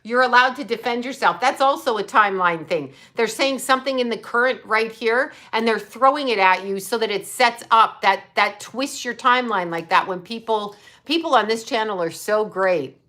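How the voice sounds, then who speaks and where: A woman's voice: fairly high pitch, moderate pace, sharp tone. An older woman hosting a livestream, talking bluntly and profanely as she answers viewers and thanks them for super chats. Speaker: psychic livestream host.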